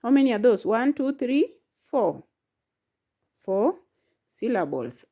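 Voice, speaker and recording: A woman in a language lesson talks very slowly and patiently. She repeats each word and sounds out its syllables one by one. Her voice sits a little high. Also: very animated, warm tone. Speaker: language teacher. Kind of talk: slow, patient classroom lesson.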